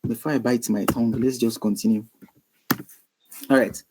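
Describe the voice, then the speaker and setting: A man walks through web code in a screen-recorded lesson, talking casually as he types. He thinks aloud, pauses on ums and corrects himself as he goes. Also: mid-range voice, steady tone, darkish tone, a little hiss or hum, poor audio. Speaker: web development tutor. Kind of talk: screen-recorded coding tutorial.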